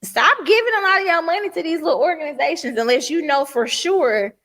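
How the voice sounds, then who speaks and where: A woman co-hosting a podcast in casual chat, expressive and quick to voice disgust. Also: high-pitched. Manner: expressive, disgusted exclamations, reads news items. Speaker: podcast co-host.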